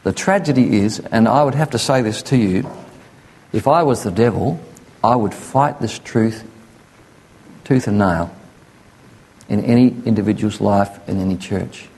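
A man's voice: on the low side, unhurried, pauses often, a little mellow, breathy edge. A man preaching a sermon in an earnest, conversational way, sometimes acting out the voices of people he quotes. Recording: echoey hall.

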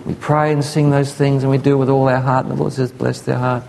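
A man's voice: medium pitch, level tone, fast talker, creaky, darkish tone, a little hiss or hum. A man preaching a sermon in an earnest, conversational way, sometimes acting out the voices of people he quotes. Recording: echoey hall.

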